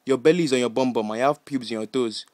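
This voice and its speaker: A man playing a bossy, scolding Nigerian uncle who fires off rapid, repetitive insults in comic banter. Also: mid-range voice, a little mellow, no room sound, natural voice. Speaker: comedy character.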